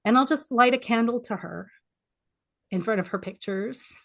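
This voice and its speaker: A woman in her forties sharing her story at a support group over a video call from her home office, speaking softly and pausing often, a little teary. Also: a little high, creaky. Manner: soft-spoken, heartfelt, pausing often. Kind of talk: personal sharing, reflective.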